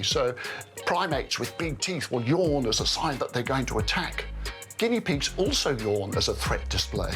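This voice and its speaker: Lively playful man doctor. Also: a little high. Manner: playful, enthusiastic, wonder-filled. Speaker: doctor explaining science. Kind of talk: scripted TV science segment. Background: music.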